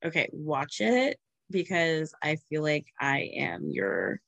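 A woman's voice: sits low, very animated, slow pace, gravelly, fairly bright tone, no echo. A young woman hosting a casual podcast chat, talking loosely with many fillers and frequent giggles. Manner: chatty, giggly, lots of fillers. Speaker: podcast host.

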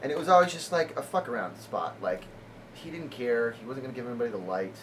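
A man of middle pitch tells a loose comedy story with plenty of filler words and frequent laughter. The recording carries a clear layer of background noise. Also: expressive, fast. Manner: rambling, laughs often, many "like" fillers. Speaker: comedian guest. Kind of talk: casual storytelling.

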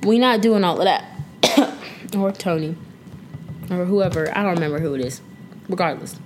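A woman's voice: fairly low pitch, normal speed, slight background noise. A young woman hosting a casual solo podcast, chatting playfully with slang and now and then breaking into song. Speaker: podcast host.

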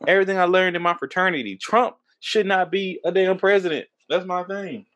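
A man from Texas in his thirties, hosting a podcast, talking politics in a loose, profane way and going high when he gets worked up, a little tipsy from drinking. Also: brisk, a bit bright, dull audio. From Texas, USA. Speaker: podcast host. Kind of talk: casual political chat.

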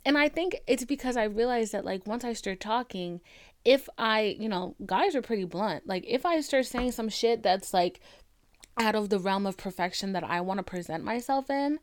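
A young woman talks through her solo podcast in a frank, self-mocking way, swearing freely and leaning on "like" between thoughts. Her voice sits at a middle pitch for a woman. The sound is close and dry, with no room in it. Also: animated, normal speed, dry recording. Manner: frank, self-mocking, profane, with lots of "like" fillers. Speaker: podcast host. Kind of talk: candid solo podcast monologue.

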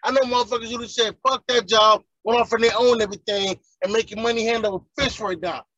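A man's voice: very high voice, steady tone, fast talker, fairly bright tone, husky, dry recording, lo-fi sound. A man, ranting heatedly and profanely in casual chat as a podcast co-host.

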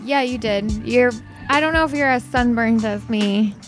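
A woman's voice: on the high side, normal speed, soft background music. A woman from northern Kentucky co-hosting a podcast, teasing and giggling through a casual chat. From northern Kentucky, USA. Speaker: podcast co-host.

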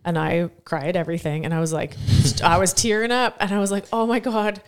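Low, gravelly-voiced woman telling stories. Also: a little fast. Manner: animated storyteller who acts out quotes. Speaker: podcast co-host and competition judge. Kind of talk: casual podcast chat.

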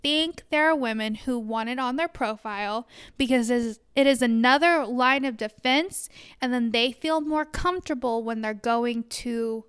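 Candid young woman with a smooth voice. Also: fairly high pitch, normal speed, fairly bright tone. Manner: candid, blunt about herself. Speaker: podcast co-host. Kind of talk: casual chat.

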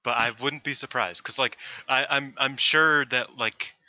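A man's voice: medium pitch, steady tone, a little slow, pushed and bright, poor audio. A man co-hosting a casual podcast chat, rambling with lots of fillers and casual swearing. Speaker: co-host.

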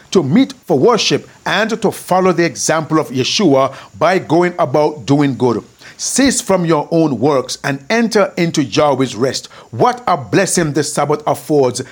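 A man preaching a sermon, emphatic and full of rhetorical questions, with a husky voice. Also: fairly high pitch.

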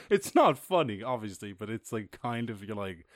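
A man's voice: on the low side, normal speed, no echo, clean studio sound. Profane, ranting male podcast host. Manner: profane, animated ranting with laughs. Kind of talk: casual commentary podcast.

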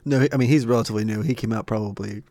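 A man co-hosting a podcast in casual, rambling chat. His voice sits low with a gravelly fry, and he talks quickly, often restarting his sentences. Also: dark tone, dry recording. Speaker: podcast co-host.

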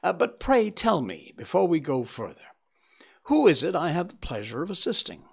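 A man voicing a confident, sharp-witted gentleman detective in a storybook reading. He speaks briskly and with authority, with a lively, rising and falling delivery and a touch of mockery. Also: fairly high pitch, vocal fry, breathy edge, pitched above the performer's own voice, full character voice. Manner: brisk, cheerfully commanding, lightly mocking. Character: sharp, self-assured gentleman detective, middle-aged man. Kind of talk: audiobook character reading.

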